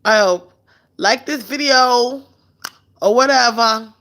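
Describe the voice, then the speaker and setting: A woman hosting a casual live stream, chatting loosely and candidly while answering viewer comments in a relaxed way. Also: fairly high pitch. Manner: relaxed and unhurried. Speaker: livestream host.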